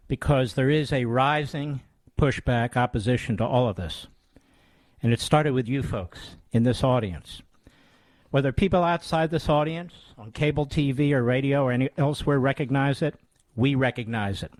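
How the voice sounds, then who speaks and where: A man's voice: medium pitch, no room sound. A talk radio host in his sixties holds forth in a combative, scornful tone. His voice sits mid-range and is recorded close and dry, with no room sound. He leans hard on key words. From United States. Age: 60s.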